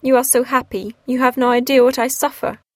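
A woman's voice: high-pitched, steady tone, a little fast, darkish tone, no room sound, clean studio sound, close to an everyday voice. A woman reading the lines of a grief-stricken, passionate young woman in a storybook reading, her delivery pleading and emotional. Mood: anguished.

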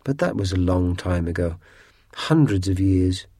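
A man voicing a lonely, sulky old male ghost in a storybook reading, speaking in a low, quivery, grumbling way. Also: expressive, a little slow, mellow, no echo, studio quality. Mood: defensive. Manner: grumbling, self-pitying.

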